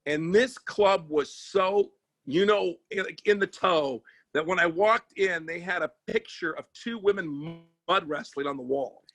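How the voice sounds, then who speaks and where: A man who works as a sports agent and comedian, telling stories in casual chat, animated and profane, with many restarts. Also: sits high, a little slow, no room sound.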